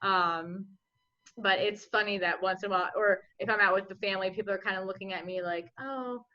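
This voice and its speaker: Young female guest, bright chatty delivery, muffled remote audio. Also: mid-range voice, flat delivery, a little fast. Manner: chatty, filler-heavy with frequent likes. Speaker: interview guest. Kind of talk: casual interview chat. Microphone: remote home mic.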